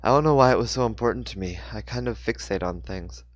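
A man's voice: lowish voice, fast talker, no echo, dull audio, close to an everyday voice. A man reading the lines of a blunt, awkward teenage girl in a storybook. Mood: wry. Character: teen girl, chatty, defensive, awkward.

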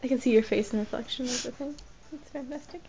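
Teasing high-voiced woman. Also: quick pace, dark tone, slight background noise. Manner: teasing, laughing. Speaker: friend watching the game. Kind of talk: casual chat. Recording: muffled lo-fi recording.

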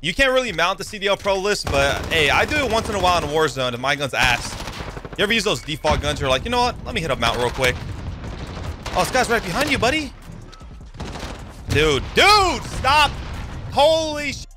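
A young man giving excitable live commentary over his own gameplay, yelping and swearing as the fights heat up. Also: high-pitched, a little fast, pauses often, music in the background. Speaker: gaming YouTuber. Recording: game gunfire loud under the voice.

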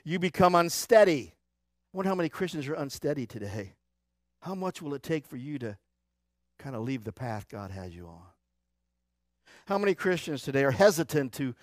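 A man preaching a church sermon, swinging between loud urgent exhortation and quiet low asides, with a Midwestern American accent. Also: sing-song, normal speed, no room sound, clean studio sound. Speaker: pastor. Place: church sanctuary.

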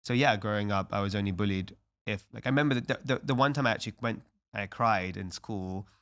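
A man's voice: on the low side, fairly quick, fairly bright tone. A young adult man, a podcast guest talking earnestly and reflectively in casual conversation, with lots of "like" fillers.

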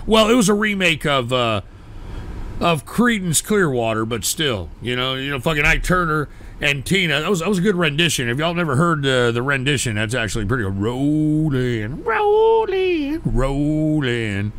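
A man hosting a comedic call-in show, swearing, shouting and ranting in exasperation at his callers. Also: fairly high pitch, animated, brisk.

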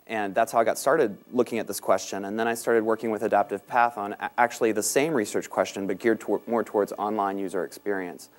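A man with a Southern US accent giving a conference talk on business topics. He speaks quickly with many "um"s and pokes fun at himself. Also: lowish voice, fairly even intonation. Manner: self-deprecating, quick, many ums. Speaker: panel speaker. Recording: talk recorded in a meeting room.

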